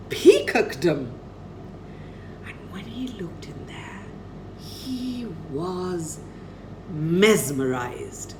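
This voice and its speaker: A woman's voice: medium pitch, slight background noise, low-quality recording. A woman telling a children's story dramatically, dropping to near-whispers for effect.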